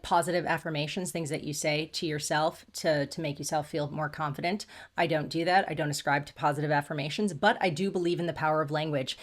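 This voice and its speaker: A woman hosting a faith-based self-help talk who speaks earnestly and with emphasis, quoting scripture, with music faintly behind her. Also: on the low side. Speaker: host.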